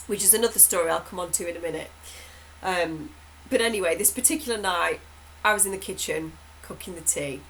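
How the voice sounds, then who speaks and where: A woman's voice: fairly low pitch, a bit bright, a little hiss or hum, low-quality recording. A woman, telling a rambling family anecdote in a chatty way, often laughing. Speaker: hypnotherapist host. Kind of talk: casual storytelling update.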